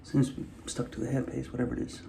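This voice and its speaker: A man's voice: mid-range voice, monotone, racing, gravelly, warm tone, slight background noise. A man with an Australian city accent, hosting a hairpiece vlog in a rambling, wry, self-deprecating way. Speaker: hairpiece channel host. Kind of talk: casual vlog monologue.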